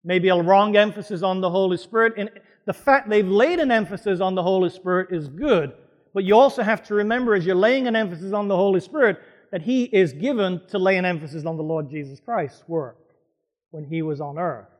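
Male pastor, emphatic sermon delivery, quizzes the congregation, fairly high voice. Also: a little fast, long reverb tail. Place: church hall before a congregation.

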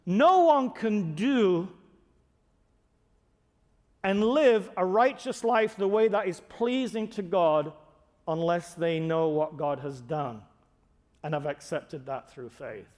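Male pastor, high voice, earnest emphatic sermon delivery in a church sanctuary. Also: slow pace, long pauses, a little mellow. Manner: emphatic, earnest, builds to raised stresses. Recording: long hall reverb.

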